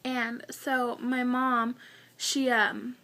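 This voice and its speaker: A woman's voice: fairly high pitch, level tone, extremely slow, bright, forceful tone. A young woman vlogger telling a personal story in a chatty, earnest way, filling her talk with "like" and getting emotional. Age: young adult. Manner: chatty, heavy use of "like", earnest; emotional, close to tears.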